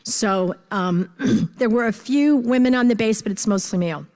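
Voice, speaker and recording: A woman's voice: a little high, normal speed, darkish tone. A woman giving an earnest personal talk at a conference, repeating phrases for emphasis. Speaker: conference speaker. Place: large conference hall. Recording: echoey hall.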